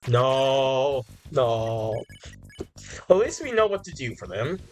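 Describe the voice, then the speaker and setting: Lively gamer narrating gameplay. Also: mid-range voice, slow, soft background music. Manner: animated, reading game text aloud and often breaking into laughs. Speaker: let's play gamer. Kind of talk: casual gameplay commentary.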